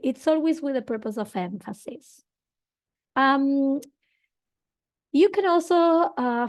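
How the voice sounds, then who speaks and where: A woman teaching an online English grammar lesson, explaining patiently with fillers and check-ins, a Spanish speaker teaching in English. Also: medium pitch.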